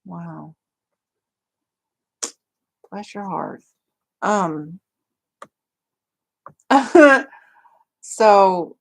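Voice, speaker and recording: A woman's voice: mid-range voice, sing-song, very slow, creaky, long pauses, breathy edge. A woman rambling chattily to viewers of her livestream, full of fillers. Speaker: crafting livestream host. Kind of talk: casual livestream chat.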